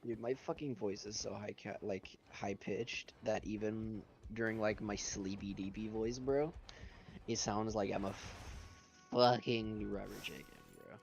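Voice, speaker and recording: Gravelly young guy on a voice call. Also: lowish voice, measured pace, soft background music. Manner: laid-back, slangy, stammering. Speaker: co-player. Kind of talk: casual gaming chat over voice call.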